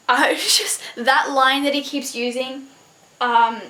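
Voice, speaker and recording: A young woman reviewing a book in a casual vlog, excitable and gushing, full of "like" and swearing. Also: high voice, measured pace. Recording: echoey room.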